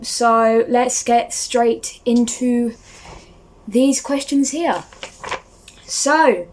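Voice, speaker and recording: A young woman vlogging to camera, gushing excitedly and talking casually with many fillers. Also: mid-range voice.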